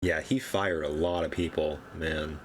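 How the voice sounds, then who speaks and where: A man's voice: rumbling low, fairly even intonation, unhurried, slight background noise. A young man giving rambling, offhand political commentary in a casual vlog, chuckling now and then at his own points.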